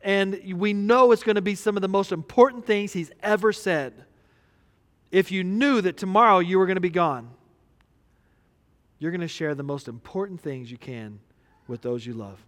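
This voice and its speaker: A man's voice: high-pitched, fairly bright tone, big-room sound. A man preaching a conversational sermon as pastor, telling a personal story with laughter.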